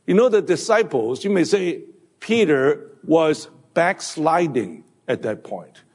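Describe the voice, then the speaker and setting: A man preaching a sermon, halting with fillers and restarts. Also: fairly high pitch, very animated, a little mellow, breathy edge. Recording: long hall reverb.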